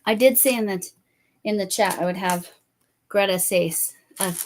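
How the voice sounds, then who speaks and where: A woman chatting on a live stream in a loose, rambling way, with plenty of fillers and restarts. Her voice sits in an ordinary middle pitch. Faint background noise sits under the recording. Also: moderate pace. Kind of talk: casual live-stream chat.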